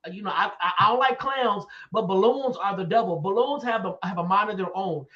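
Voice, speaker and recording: A man hosting a live talk show, telling stories with excitement and quick laughs. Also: high-pitched, lo-fi sound. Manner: excitable storyteller, laughs often, dramatic about fears. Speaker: show host. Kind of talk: animated live-stream chat.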